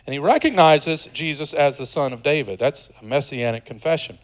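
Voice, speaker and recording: A man's voice: fairly high pitch, fairly quick, low-quality recording. Dynamic man preaching a sermon. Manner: swings from loud excited to soft hushed; conversational, jokey asides. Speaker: pastor.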